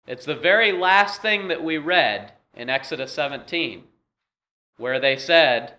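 A man's voice: fairly high pitch, measured pace, sharp tone. A man preaching a sermon as pastor, talking in a conversational way with frequent "uh" fillers.

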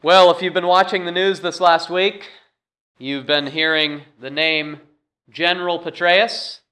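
A man's voice: fairly high pitch, fairly even intonation, unhurried, bright, forceful tone. A man preaching a sermon as pastor, talking in a conversational way with frequent "uh" fillers.

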